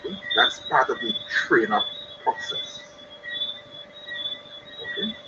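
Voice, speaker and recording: A man's voice: medium pitch, takes it slowly. Earnest man lecturing on parenting. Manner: earnest, repetitive emphasis. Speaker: speaker on parenting. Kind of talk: live-streamed talk. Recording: dull lo-fi stream with loud noise.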